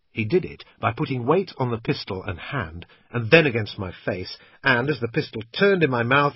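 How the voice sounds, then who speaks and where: Husky male thriller narrator. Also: medium pitch, no echo. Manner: tense, gritty storytelling. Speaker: audiobook narrator. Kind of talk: scripted first-person thriller narration. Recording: muffled lo-fi recording, dry.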